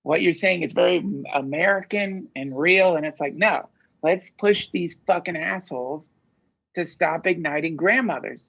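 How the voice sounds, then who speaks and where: A man talks in loose, searching sentences, swearing freely as he thinks aloud. His voice is gravelly with a husky edge. The audio is dull and lo-fi, like a podcast recording. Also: on the high side, moderate pace, a bit bright. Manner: rambling, profane, searching. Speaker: podcast guest. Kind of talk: casual conversation.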